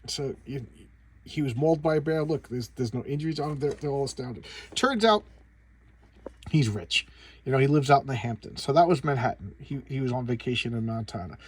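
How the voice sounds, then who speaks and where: A man talking through a comic issue in a loose, rambling way, stumbling over restarts and fillers. His voice sits at an ordinary middle pitch with a husky, slightly rough edge. He chuckles now and then as he retells the scenes. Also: animated, brisk. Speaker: comic book reviewer. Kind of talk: casual comic book review.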